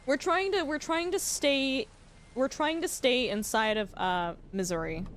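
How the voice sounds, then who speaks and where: A woman's voice: high voice, measured pace, a little hiss or hum. Chatty Canadian woman streamer. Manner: chatty, laughing, questioning her own pronunciation. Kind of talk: casual livestream chat while gaming.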